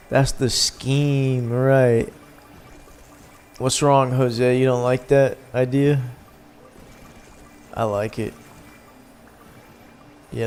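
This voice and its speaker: Man, livestream host, casual gaming chat, laid-back, unhurried delivery, mid pitch. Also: darkish tone, a little hiss or hum. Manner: laid-back, chatting with viewers while playing.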